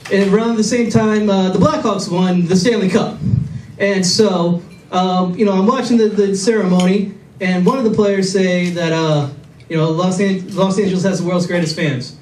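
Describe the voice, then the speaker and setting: High-voiced rambling comedian in an echoey club. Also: male voice, fairly even intonation, moderate pace, a little mellow, a little hiss or hum. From Illinois. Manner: rambling, self-mocking, with frequent restarts and fillers. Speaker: stand-up comedian. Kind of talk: stand-up comedy set. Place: comedy club stage with a laughing audience. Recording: echoey club audio from a distant camera.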